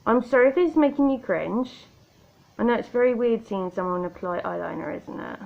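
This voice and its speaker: Girl doing a makeup tutorial, kinda high voice, gravelly, dull tablet sound. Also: lively intonation, fairly quick. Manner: chatty, self-mocking, talks to the viewer. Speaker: makeup vlogger. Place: indoor room by a window. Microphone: tablet camera.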